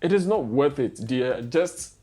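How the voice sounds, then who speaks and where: A man's voice: mid-range voice, expressive, a little slow, mellow. A young man vlogging, ranting in casual commentary with exasperated, repeated rhetorical questions.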